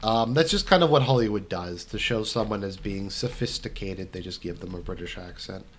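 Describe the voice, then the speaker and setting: While gaming, a young man fields viewers' questions in loose commentary full of fillers, rambling and restarting. He talks a little fast in a lowish voice, with slight hiss or hum present.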